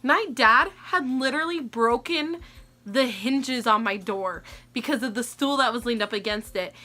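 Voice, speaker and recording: A woman in her twenties telling a story to camera in a casual, animated way, laughing often and filling her talk with "like.". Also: a little high, moderate pace. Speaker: vlogger.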